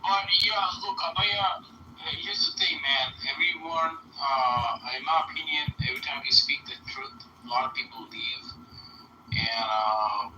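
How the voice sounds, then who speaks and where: A man's voice: fairly high pitch, measured pace, sharp tone, faint music behind. A man with a German accent hosting a live chat room, rambling and teasing in casual talk. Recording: roomy, slightly muffled stream audio.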